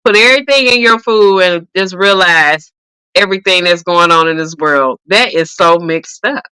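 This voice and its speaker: A woman co-hosting a casual chat, animated and laughing often. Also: lowish voice, moderate pace, smooth, dry recording, poor audio. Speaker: podcast co-host.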